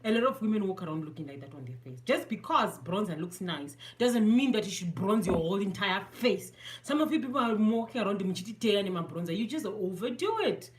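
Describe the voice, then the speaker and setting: A woman's voice: medium pitch, lively intonation, brisk, few pauses, slight background noise. A woman from Zimbabwe with a Zimbabwean accent, chatting casually through a makeup tutorial, self-mocking and mixing English with Shona. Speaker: beauty vlogger.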